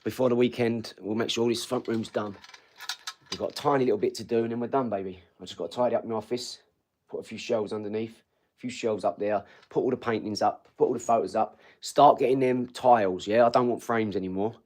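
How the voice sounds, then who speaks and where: This livestream host, a man in his forties, speaks in a lowish, steady, slightly mellow voice at a brisk clip. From his front room at home he runs a casual stream, rambling bluntly, cursing often and addressing the people watching.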